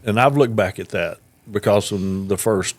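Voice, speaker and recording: A man's voice: on the low side, normal speed. A man co-hosting a podcast, speaking plainly and sincerely in casual chat. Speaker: podcast co-host.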